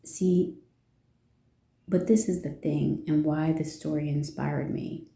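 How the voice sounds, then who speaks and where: Slow, gravelly low-voiced woman. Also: steady tone, mellow, echoey room. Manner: rambling, rhetorical questions, opinionated. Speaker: vlogger. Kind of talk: casual storytelling from notes.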